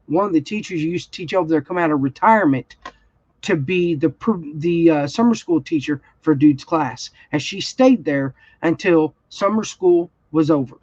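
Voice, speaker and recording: A woman's voice: low voice, normal speed, a little mellow, dry recording. A woman, telling a story in a blunt, heated way during a casual livestream chat. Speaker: crafting channel host. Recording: dull, slightly lo-fi sound.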